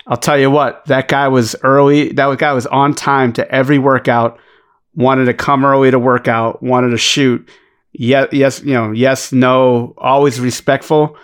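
A man with a Boston accent co-hosting a podcast, rambling and swearing as he jokes along. His voice sits at an average pitch for a man. He talks loosely and casually, with plenty of asides. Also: level tone, a little slow. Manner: rambling, profane, joking. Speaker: podcast co-host, former basketball player.

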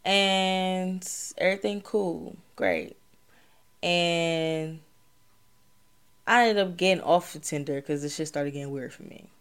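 A woman's voice: lowish voice, fairly even intonation, slow, smooth. Laid-back young woman telling a story. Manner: laid-back, rambling, bursts into loud laughter. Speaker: podcast host. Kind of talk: casual storytelling chat.

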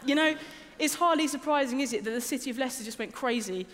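A woman from England delivers a sermon with a high voice and a chatty, self-deprecating humor. The big church hall adds a long, ringing reverb behind her. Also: fast talker. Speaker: preacher.

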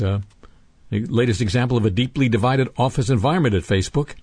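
A man's voice: on the low side, a little mellow, no echo. A man hosting a radio show, reading odd news items aloud and adding dry, sardonic asides between them. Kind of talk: wry news commentary.

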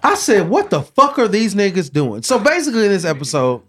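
A man's voice: high voice, big pitch swings, brisk, fairly bright tone. A man co-hosting a podcast, recounting a TV episode in profane, rambling casual chat. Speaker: podcast co-host.

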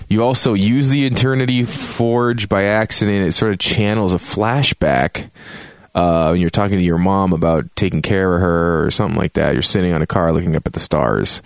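Low-voiced man in a rambling, profane game review. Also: creaky, no room sound, studio quality. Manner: rambling, profane, jokey asides. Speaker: podcast host reviewing a game. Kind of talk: casual spoken game review. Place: home, drinking a beer on a Saturday.

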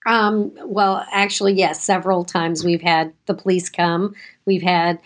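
A woman's voice: lowish voice, measured pace. A woman who works as a school administrator, telling a story from her school in an interview. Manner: animated storyteller.

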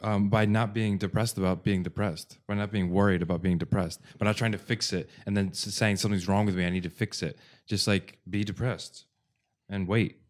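A man with a low voice talks in a relaxed, philosophical way during casual podcast chat. He defends his ideas calmly and at length. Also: a little fast. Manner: laid-back, philosophical. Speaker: podcast co-host.

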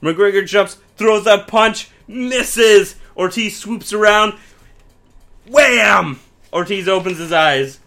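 Young male podcast co-host, bright tense voice, laughs through his storytelling, casual swearing. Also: high voice, slow pace.

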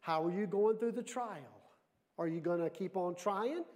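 A man preaching a sermon as pastor, lively and full of questions put to the congregation. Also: sits high, normal speed. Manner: lively, asks the audience questions.

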